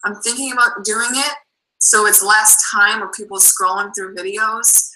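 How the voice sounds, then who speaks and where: A woman's voice: mid-range voice, steady tone, normal speed, sharp tone, a little hiss or hum, rough recording. A woman with a Boston accent, chatting casually as a guest coach on a team call, full of "like" and "um".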